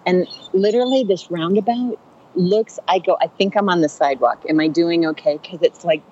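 A woman comedian telling a funny story on a podcast, chatty and animated, acting out the voices of the people in it. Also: fairly low pitch, moderate pace, breathy edge, muffled recording. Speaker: stand-up comedian and rideshare driver.

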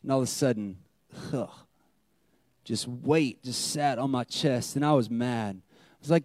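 A man, preaching a sermon, moving between loud, lively retelling and hushed, slow, tender lines. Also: on the high side, no room sound, clean studio sound. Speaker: pastor.

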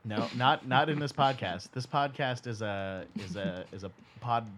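A man's voice: medium pitch, a little slow, a bit bright. A man hosting a casual music podcast with friends, joking and restarting his sentences. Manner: joking, loose, hesitant restarts. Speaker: podcast host.

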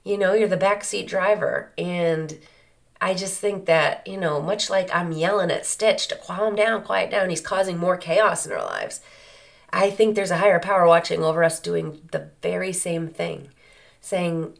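Low, gravelly-voiced woman podcaster. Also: expressive, unhurried. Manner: earnest, conversational, rhetorical questions. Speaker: podcast host. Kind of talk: reflective solo podcast monologue.

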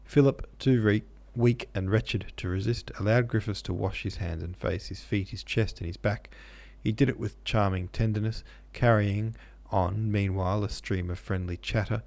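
Man narrating a classic novel, low pitch, gravelly fry, steady measured reading. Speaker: podcast host and audiobook narrator.

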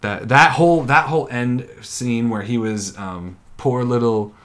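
A man co-hosting a podcast who chats casually and enthusiastically, often halting and restarting his sentences. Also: medium pitch, a bit bright. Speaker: podcast co-host. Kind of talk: casual chat about a TV series.

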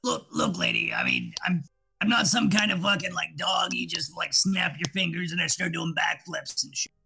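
Gravelly man ranting sarcastically at the table. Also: on the high side, sing-song, moderate pace, music in the background. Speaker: tabletop game player. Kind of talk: in-character tabletop banter.

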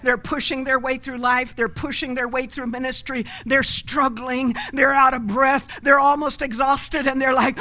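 A woman's voice: sits high, flat delivery, moderate pace, few pauses, bright, forceful tone. A woman pastor preaching a sermon and leading an altar call, emphatic and calling for responses from the congregation.

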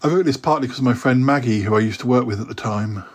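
A man's voice: medium pitch, quick pace, husky. A middle-aged man hosting a podcast, chatting hesitantly with many fillers and reading his own poems aloud. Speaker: podcast host and poet. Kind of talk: casual chat and poetry reading.

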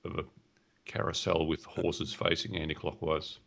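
A man co-hosting a podcast, teasing his partner in a dry, deadpan way. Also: a bass voice, normal speed, gravelly. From Australia. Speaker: podcast co-host. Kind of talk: casual chat.

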